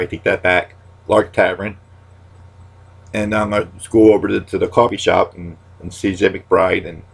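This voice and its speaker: Man in his 30s, low voice, gravelly, husky, rambling casual monologue, repeats his own catchphrases. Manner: rambling, with many restarts and catchphrases; goes quiet and subdued when talking about loss. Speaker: stand-up comic. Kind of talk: casual talking-to-camera monologue.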